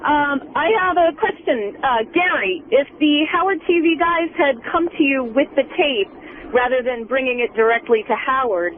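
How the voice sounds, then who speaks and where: Woman caller, high voice, hesitant polite question, tinny phone line. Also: moderate pace, slight background noise. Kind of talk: radio call-in question.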